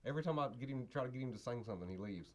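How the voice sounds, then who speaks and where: A man's voice: medium pitch, animated, rapid-fire. A man hosting a live stream, bantering and teasing his guests in a playful way. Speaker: host.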